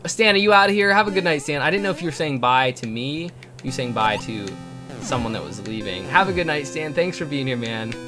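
A man live-streaming a video game, chatting with his viewers and gushing thanks, sometimes bursting into shouts. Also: a little high, a little fast. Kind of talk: live-stream chat while playing. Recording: background music under voice. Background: game music.

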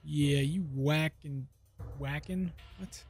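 A fairly high-voiced man commentates his gameplay through a headset, drawling slowly one moment and snapping at the characters the next. He swears freely and keeps admitting how irritated he is. Game music runs clearly underneath his voice. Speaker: gaming channel host. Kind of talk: let's play commentary.

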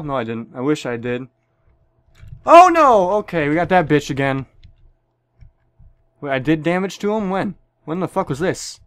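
A man's voice: on the high side, dry recording, studio quality. Young man swearing through gameplay commentary. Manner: profane, joking, sudden yelps.

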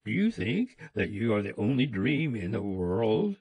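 A man playing a cruel, greedy old man who speaks harshly and gives orders, loud and slow. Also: lowish voice, sing-song, husky, no echo, exaggerated voice. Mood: harsh demanding. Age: older. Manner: harsh, commanding.

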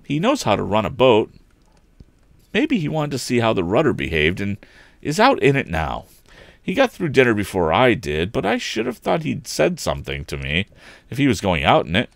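A man reading a storybook aloud, voicing an earnest young male inventor in a raised, excited voice. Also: normal speed, gravelly, dry recording. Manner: excited, pitched well above the reader's own voice.

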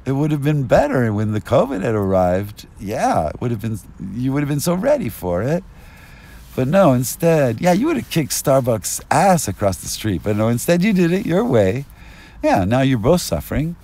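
A man rambling through an agitated street monologue, at times rising to yelling, recorded outdoors on a binaural mic. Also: medium pitch, sing-song, moderate pace. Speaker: vlogger.

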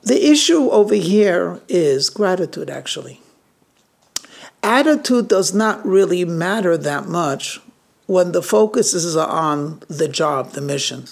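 A man's voice: high-pitched, animated, measured pace, vocal fry. A man, a rabbi, telling a weekly story in a conversational way, with many fillers, acting out the characters he quotes. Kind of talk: storytelling sermon.

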